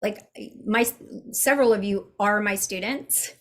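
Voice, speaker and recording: A woman's voice: medium pitch, unhurried. A woman business coach talking candidly and bluntly in a casual group coaching call over a video call. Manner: candid, chatty, blunt with mild swearing.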